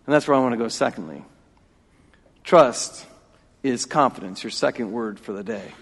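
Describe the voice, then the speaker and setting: A man in his forties preaching a sermon as pastor, emphatic and repeating key phrases, swinging between loud and hushed. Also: mid-range voice, animated, normal speed, slightly rough. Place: church sanctuary. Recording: long reverb of a church hall.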